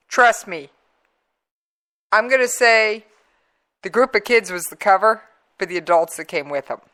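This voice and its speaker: A woman talk radio host with a bright, forward tone and an unhurried delivery. She talks in a conversational, emphatic way, leaning on pauses for effect. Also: mid-range voice. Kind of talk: talk radio commentary with played clips.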